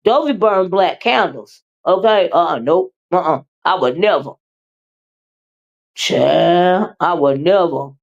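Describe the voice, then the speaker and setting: Gravelly-voiced woman chatting with viewers. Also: on the low side, slow, dull audio. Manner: animated, teasing, with repeated "uh-uh" and laughter. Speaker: livestream host reading viewer comments. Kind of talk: casual chat with viewers.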